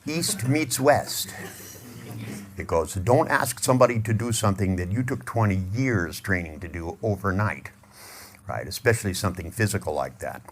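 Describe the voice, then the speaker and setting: A man's voice: low voice, fairly quick, a little hiss or hum. A middle-aged man giving a humorous motivational talk to a live audience, joking and acting out little scenes as he tells stories. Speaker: seminar speaker.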